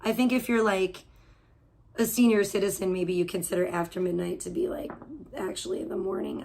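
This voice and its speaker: A woman's voice: medium pitch, steady tone, normal speed, vocal fry, darkish tone. A woman hosting an audio-only livestream from home, ranting in a heated, profane, rambling way with lots of restarts. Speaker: livestream host.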